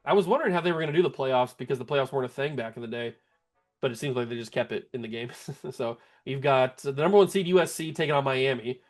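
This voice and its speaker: A man who hosts a gaming channel narrates his video game play by play, laughing a lot and shouting in disbelief whenever it glitches. His voice sits in the mid-range and moves fast, with faint music playing in the background.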